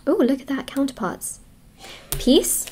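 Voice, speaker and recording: A woman's voice: high-pitched, expressive, unhurried, noisy background. A woman giving a tarot love reading to her viewers, reassuring and emotional as she speaks to them directly. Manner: warm, reassuring, emotional pep talk. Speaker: tarot reader. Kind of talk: casual tarot reading to camera.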